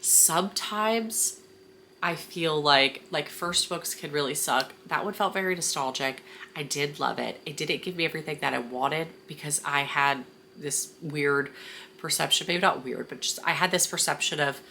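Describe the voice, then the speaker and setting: A woman chats about books in a loose, rambling way, full of "like" and "um". Her voice sits a little low for a woman. She is in full gush as she reviews, talking straight to her viewers. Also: normal speed, sharp tone, a little hiss or hum. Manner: gushing, rambling, with many fillers. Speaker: book reviewer. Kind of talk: casual chatty book vlog.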